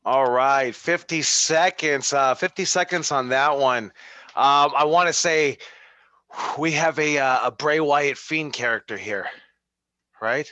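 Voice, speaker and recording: A man coaching wrestling students, talking in halting bursts with frequent restarts. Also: fairly high pitch, sharp tone, dry recording. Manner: halting, restarts often, upbeat. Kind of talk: casual critique.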